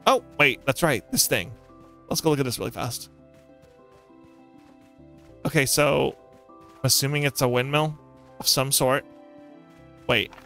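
A man's voice: medium pitch, unhurried, creaky, pauses often, soft background music. Jokey young-sounding gaming man. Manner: jokey, excitable, talks to himself. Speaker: gaming channel host. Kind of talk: let's play commentary.

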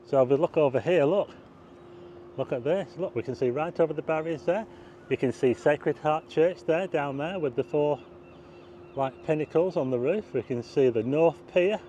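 At night, a vlogger walks a car park roof and the town streets outdoors, rambling chattily and pointing things out to his viewers. His voice sits on the high side, expressive and mellow, at a normal speed. A little hiss or hum runs under the recording.

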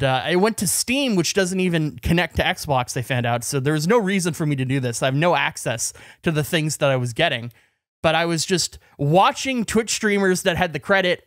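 A man's voice: a little high, a bit bright, dry recording, clean studio sound. A man co-hosting a podcast, telling a long rambling story full of "like" and restarts in casual chat. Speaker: podcast co-host.

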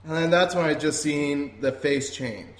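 A man's voice: a little high, animated, measured pace. Rambling, laughing man telling a story. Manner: rambling, laughs often, swears casually. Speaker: podcast host. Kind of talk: casual storytelling. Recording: roomy echo.

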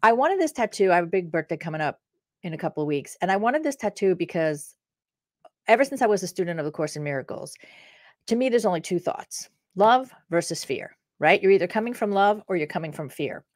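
A woman's voice: fairly low pitch, fairly quick, dry recording, clean studio sound. An older woman, a career coach, telling a candid story casually on a live stream, with the odd swear word. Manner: animated and candid, with swear words. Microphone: webcam on a live stream.

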